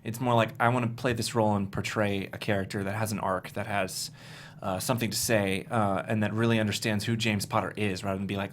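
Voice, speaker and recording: A man in his thirties from Maryland talks about writing and casting his film in a relaxed studio interview. His voice sits on the low side and carries an earnest, animated storytelling energy. A faint hiss runs under the recording. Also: fairly quick. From Maryland, USA. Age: 30s. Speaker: filmmaker, writer-director. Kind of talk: casual interview chat.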